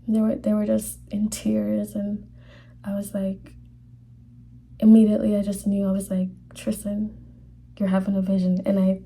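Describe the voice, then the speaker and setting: A young woman telling a personal faith testimony in a halting, casual way, full of fillers, sometimes dropping to a whisper. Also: medium pitch, monotone, gravelly, warm tone, slightly rough. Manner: halting, many fillers, drops to whispers when emotional. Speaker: vlogger sharing a faith testimony.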